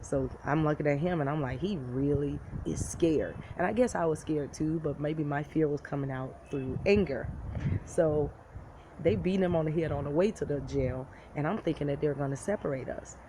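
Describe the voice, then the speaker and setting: A woman from the United States telling a personal story to camera in a blunt, profane, animated way. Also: deep voice, brisk. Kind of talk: casual storytime monologue. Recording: loud background noise.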